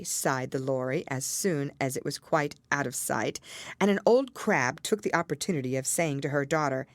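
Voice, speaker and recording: A woman reading a classic children's story aloud as narrator, expressive and measured. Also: sits low, no echo, studio quality. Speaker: audiobook narrator.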